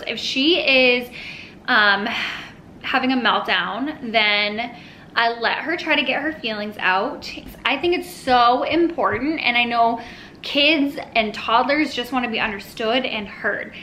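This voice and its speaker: A woman's voice: fairly high pitch, pushed and bright, slight background noise, rough recording. A mother talking casually to the camera at home about parenting, chatty and full of little asides. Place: at home with her toddler nearby.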